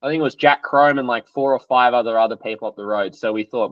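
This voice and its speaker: A man's voice: medium pitch, fairly quick, dry recording. Young Australian man telling race stories. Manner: animated, acts out quotes, loose and slangy. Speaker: athlete guest. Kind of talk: casual storytelling interview. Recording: dry, slightly dull podcast audio.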